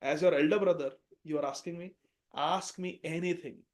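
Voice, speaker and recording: A man voicing an elder monkey god who declares his identity in slow, solemn lines. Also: on the high side, fairly even intonation, lightly acted. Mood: fervent. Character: mighty elder monkey god, calm and teasing.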